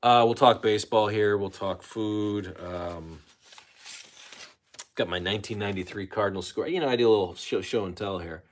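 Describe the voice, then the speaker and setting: A man's voice: on the low side, a little fast. Rambling, chatty man hosting a livestream. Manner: loose, self-interrupting, chatty with many fillers. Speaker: livestream host. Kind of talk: rambling casual livestream chat.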